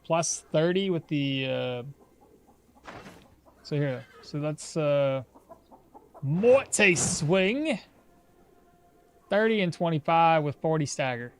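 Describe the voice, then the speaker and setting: A man's voice: on the high side, lively intonation, extremely slow, long pauses, clean tone. A man streaming a game, chatting with his viewers, thinking aloud and laughing often. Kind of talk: casual live-stream commentary.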